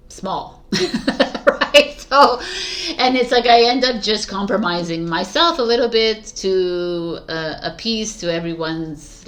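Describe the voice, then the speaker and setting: A woman tarot reader talking casually to her viewers in a rambling, reflective way, with many fillers and soft laughs. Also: fairly low pitch. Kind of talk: casual spiritual talk to viewers.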